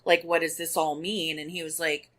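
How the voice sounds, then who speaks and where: A woman co-hosting a casual fan podcast, her voice low-set but bright and forward. She rattles along in chatty asides with her co-hosts. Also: little pitch movement. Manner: chatty, quick asides and laughs. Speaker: podcast co-host. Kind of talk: casual chat.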